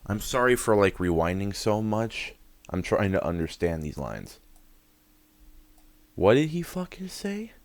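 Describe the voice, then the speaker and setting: A man reacts casually on camera, swearing freely and thinking out loud. His low voice swings widely in pitch while he talks slowly. The recording is dry and close. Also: big pitch swings, no room sound. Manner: swears freely, exclaims and muses aloud. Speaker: reaction video host.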